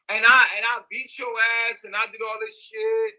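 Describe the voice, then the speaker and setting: A man's voice: very high voice, sing-song, moderate pace, hardly any pauses, sharp tone, rough recording. Agitated man ranting on a livestream. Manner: agitated, repetitive, profane, emphatic.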